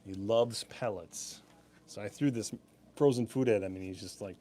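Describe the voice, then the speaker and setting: A man's voice: fairly low pitch, normal speed, warm tone. Chatty, laid-back man hosting a sale. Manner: chatty, laid-back, laughs easily, rambling asides. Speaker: live-stream sale host. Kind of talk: casual live-stream product presentation.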